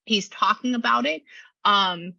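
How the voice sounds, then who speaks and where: Bright-voiced woman medium, casual and chatty in a reading, dry close audio that is slightly dull. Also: mid-range voice, a little slow, vocal fry, dry recording. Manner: chatty, animated, relays a spirit's words in quotes. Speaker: spiritual medium. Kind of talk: casual reading session with a client.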